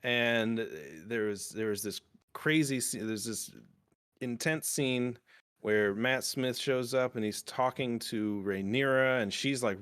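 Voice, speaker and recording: A man hosting a casual podcast, recapping a TV episode in a rambling, excitable way and swearing freely. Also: mid-range voice, normal speed. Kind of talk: casual chat.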